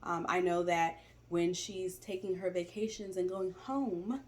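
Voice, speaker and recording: A woman's voice: fairly low pitch, fairly even intonation, measured pace, a little mellow. A woman in her forties talking reflectively about family in a casual chat, with many "you know" fillers. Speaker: stepmother co-host.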